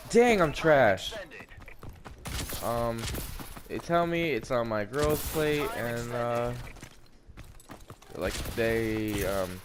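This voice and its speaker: A young man, likely a teen, telling a personal story while gaming, halting and repeating words, swearing now and then. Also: mid-range voice, background noise. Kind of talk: casual storytelling over gameplay.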